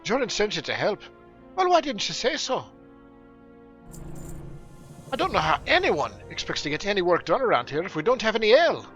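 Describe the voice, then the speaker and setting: A man voicing gruff male dwarf quest-givers with a put-on fantasy dwarf brogue, reading game quest text aloud. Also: sits high, big pitch swings, fairly quick, long pauses, fairly bright tone, highs cut off, soft background music, pitched above the performer's own voice. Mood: grumpy.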